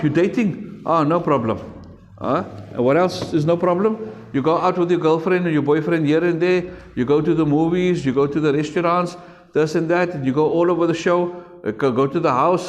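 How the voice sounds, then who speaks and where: This man's fairly high voice carries a big-room sound. He has a South African accent and is teaching religion to children in a school classroom, repeating himself emphatically and speaking directly to the pupils.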